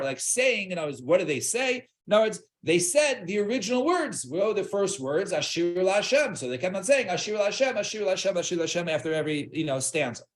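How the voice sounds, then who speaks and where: A man leading a Talmud study class, restarting often, checking with "right?", and mixing Hebrew and Aramaic terms into English. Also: fairly high pitch. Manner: halting, many restarts and fillers, checks with "right?".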